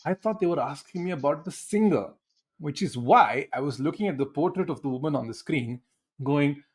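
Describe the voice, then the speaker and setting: Husky, lively man chatting. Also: a little high, moderate pace. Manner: self-mocking and chatty, swears casually. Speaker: podcast co-host. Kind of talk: casual podcast chat.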